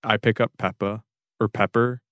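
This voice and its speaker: A man improvising as a player in a tabletop game, with a deadpan, playful delivery. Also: fairly low pitch, moderate pace, dry recording, clean studio sound. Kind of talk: improvised tabletop role-play.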